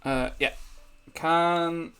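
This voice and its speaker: A man running a tabletop game as game master, narrating slowly with many pauses and fillers. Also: fairly high pitch, steady tone, sharp tone, clear, resonant tone. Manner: slow, hesitant with many fillers.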